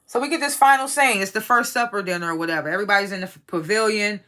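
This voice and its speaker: Casual show reviewer, bright and forceful tone, rambling and profane, mid-range pitch. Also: very fast. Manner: rambling, profane, incredulous asides. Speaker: TV episode reviewer.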